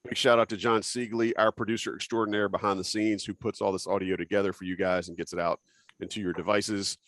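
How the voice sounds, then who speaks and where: A man's voice: lowish voice, level tone, fast, a bit bright, no room sound. A man hosting a casual sports podcast, joking loosely and reading out listener names. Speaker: podcast host.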